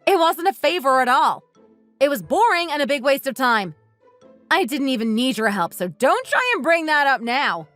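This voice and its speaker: A woman's voice: high-pitched, very animated, moderate pace, a bit bright, soft background music. A woman voicing a bitter, resentful wife who bluntly accuses her husband and wants a divorce. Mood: accusing. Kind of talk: text-message story dramatization.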